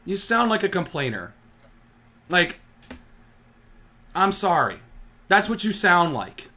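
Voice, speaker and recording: A man's voice: high voice, big pitch swings, takes it slowly, long pauses, bright, forceful tone. A man hosting a sports fan channel, ranting with heat and sarcasm, often tripping over his words. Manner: heated, sarcastic, stumbling restarts.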